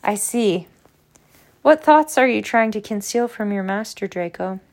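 A woman reading aloud as a cold, stern male professor, clipped and low. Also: animated, a little slow, darkish tone.

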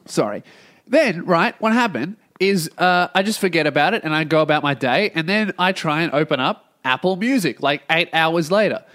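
A man's voice: on the high side, expressive, moderate pace, fairly bright tone. A male Australian comedian hosting his own podcast, ranting in a casual comic monologue with a blocked nose and plenty of swearing. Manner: ranting, exasperated, heavy swearing. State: blocked nose, sounds congested.

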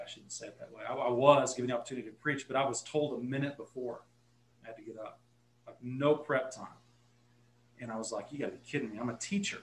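A man's voice: mid-range voice, a little hiss or hum. Texan pastor guy telling a story, earnest, fixes his own words, echoey room. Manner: earnest storytelling, self-correcting. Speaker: guest pastor. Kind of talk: casual podcast talk.

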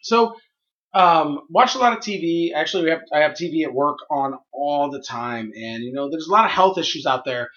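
Bright-voiced joking man, lo-fi audio. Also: fairly high pitch, expressive, fairly quick. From Missouri. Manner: crude, joking, riffs on mock ad disclaimers. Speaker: podcast co-host. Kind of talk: casual comedic chat. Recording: dull lo-fi podcast audio.

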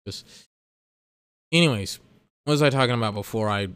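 Exasperated young man ranting, clear voice. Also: mid-range voice, expressive, fairly quick, a bit bright, no room sound. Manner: exasperated, ranting, swears freely. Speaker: podcast host. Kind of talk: solo podcast rant.

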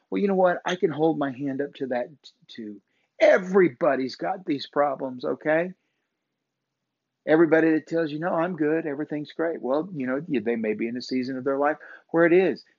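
Earnest man giving a halting pep talk. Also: mid-range voice, dry recording, highs cut off. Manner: earnest, repetitive, halting with many fillers. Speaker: podcast host. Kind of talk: motivational faith pep talk.

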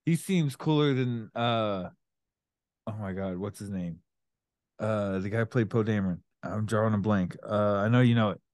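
A man's voice: fairly low pitch, normal speed, a little mellow, dry recording, studio quality. A middle-aged man co-hosting a casual father-and-son chat, laid-back and laughing often. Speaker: co-host, father.

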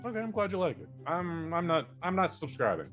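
A man's voice: on the high side, sing-song, a little fast, fairly bright tone, faint music behind. A man co-hosting a podcast in casual chat, telling blunt, profane anecdotes. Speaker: podcast co-host.

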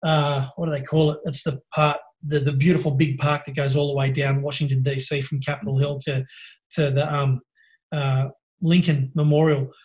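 Higher-voiced Australian man telling stories. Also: level tone, moderate pace, a little mellow. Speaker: podcast guest. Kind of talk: casual storytelling interview. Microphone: video call.

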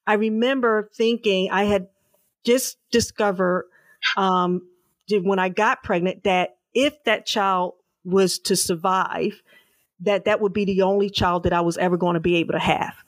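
A middle-aged woman, an author, earnestly recounting her family's past as an interview guest, slow and emphatic with repeated words. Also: mid-range voice, fairly even intonation, no room sound. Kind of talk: personal storytelling in an interview.

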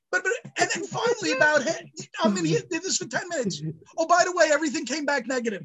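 A man co-hosting a podcast, telling a story in casual chat, animated, swearing and acting out outraged quotes. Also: extremely high pitch, fairly quick, a crowd in the background, rough recording. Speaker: podcast co-host.

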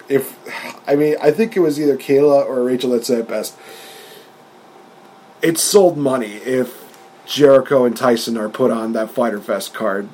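A man co-hosting a wrestling podcast in casual chat, talking with animated energy, laughing often and acting out quotes in a raised voice. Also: medium pitch, normal speed, pauses often, slight background noise, low-quality recording. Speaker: podcast co-host.

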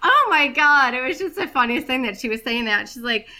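This film-podcast co-host has a high, bright, pushed voice with lively intonation, speaking fairly quickly. She's a chatty storyteller in casual conversation, laughing often.

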